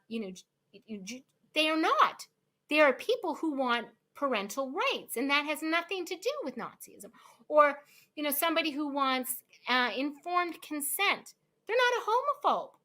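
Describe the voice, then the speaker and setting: A woman talking as a lawyer guest in a casual interview, speaking in an animated, emphatic way and leaning on fillers. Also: high voice.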